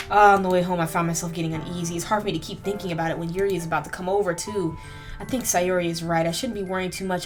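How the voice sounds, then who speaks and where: A young woman hosting a let's play, reading the game aloud with emotional, slangy commentary. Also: on the low side. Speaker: gaming channel host.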